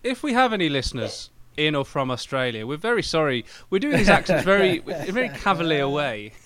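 A man's voice: on the high side, very animated, a little fast, a bit bright. A man co-hosting a casual true-crime podcast, recounting the case with frequent ums and hesitations. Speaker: podcast co-host.

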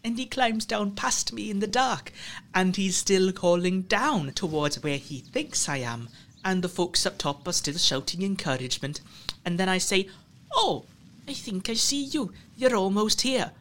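A man's voice: high-pitched, lively intonation, moderate pace, fairly bright tone, voice pushed up. A man doing a gleeful, rambling trickster ranger. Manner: rambling, gleeful storyteller who mimics other voices. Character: cruel, chatty trickster ranger who loves tormenting people. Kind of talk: audio drama acting.

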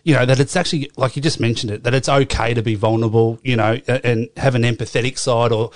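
A man's voice: mid-range voice, fairly even intonation, quick pace, no room sound. Australian man, interviewer, rambling supportive questions, dry close sound.

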